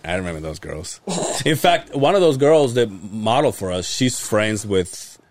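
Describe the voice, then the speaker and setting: This man hosts a podcast and, in easygoing chat, acts as a vivid storyteller who swears often and mimics people's voices. His pitch is on the low side, and he talks at a normal speed.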